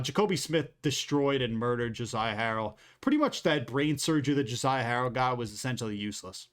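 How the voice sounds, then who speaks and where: A man's voice: medium pitch, a bit bright. A man giving a casual, off-the-cuff fight recap, blunt and opinionated, swearing freely. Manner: quick, off-the-cuff delivery with fillers. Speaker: MMA commentator and YouTuber.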